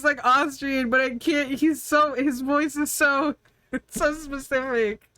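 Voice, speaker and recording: A woman's voice: sits high, slow pace, bright, forceful tone, no echo. A woman streamer chatting casually while she draws, rambling from thought to thought, laughing often and answering her chat.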